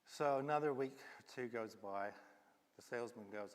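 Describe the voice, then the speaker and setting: A man's voice: medium pitch, takes it slowly, gravelly, long pauses, darkish tone. A man with a New Zealand accent preaching a sermon, telling a story and acting out its dialogue, with many ums. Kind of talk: sermon with a told allegory. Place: church hall. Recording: long hall reverb from live stream.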